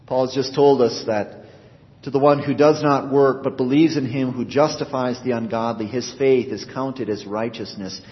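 Man, pastor, earnest sermon, emphatic rises, low phrase endings, mid pitch, long church reverb, muffled sound. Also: steady tone, normal speed. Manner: earnest preaching, voice rising for emphasis and dropping low at phrase ends. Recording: dull reverberant church recording.

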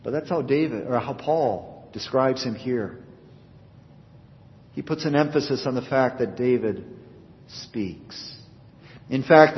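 A man preaching a sermon as pastor, earnest, his voice rising for emphasis and sinking low at the ends of phrases. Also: slow pace. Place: church. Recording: dull reverberant church recording.

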